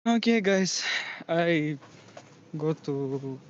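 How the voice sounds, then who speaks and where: Very slow, halting voice over muffled chat. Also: medium pitch, a little hiss or hum. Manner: halting, hesitant, stumbles over words. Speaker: viewer in voice chat. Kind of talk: casual voice chat.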